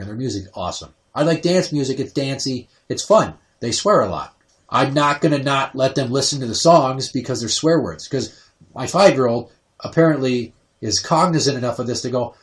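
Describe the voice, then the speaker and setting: A man in his thirties hosts a crude, casual podcast chat. He swears freely and tells lively parenting stories. He jumps into other people's voices as he tells them. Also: medium pitch. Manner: profane, animated storytelling, acts out quotes. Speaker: podcast host.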